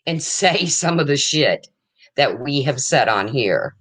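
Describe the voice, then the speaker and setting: Blunt, low-voiced older woman streamer. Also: expressive, unhurried, fairly bright tone, no room sound. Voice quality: low, husky-sounding voice, often mistaken for a man's. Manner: blunt, rambling, defensive. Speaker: livestream host. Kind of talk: casual livestream chat.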